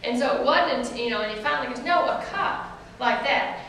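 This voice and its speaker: An author in her forties talks fast in a voice that sits high, her Southern US accent coming through as she tells laughing, chatty stories to a live audience. Animated, she calls them "y'all." The clip is noisy, the room echoes, and the mic is far away.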